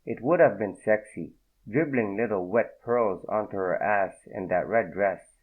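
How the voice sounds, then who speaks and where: A man narrating an audiobook in a steady, unhurried reading. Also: on the low side, husky. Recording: tinny phone-like audio.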